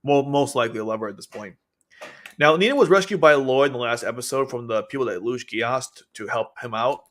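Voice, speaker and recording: A man streaming casual commentary on an anime, animated and quick to act out characters' lines. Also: mid-range voice.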